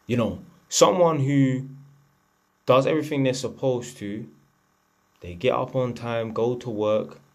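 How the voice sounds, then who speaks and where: A man's voice: mid-range voice, measured pace. A man, delivering a blunt, profane, lecturing rant to camera as a vlogger. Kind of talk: unscripted ranting monologue.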